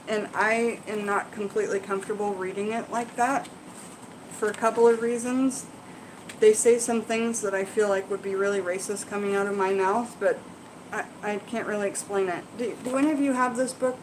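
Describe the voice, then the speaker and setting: A woman's voice: on the high side, slight background noise, low-quality recording. A woman hosting a casual live Q&A, reading passages aloud and explaining them in a chatty, rambling way with asides to viewers. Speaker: herbalism channel host.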